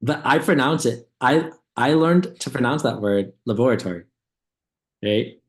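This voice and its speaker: A man's voice: medium pitch, animated, unhurried. A laid-back man in a casual reaction chat who tells rambling stories and laughs often. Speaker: co-host.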